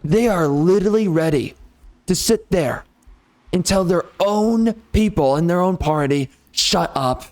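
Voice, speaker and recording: A man's voice: sits high, unhurried, a little mellow. A man from the United States delivering an angry, sarcastic monologue rant on a gaming channel, indignant and emphatic. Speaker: gaming video host.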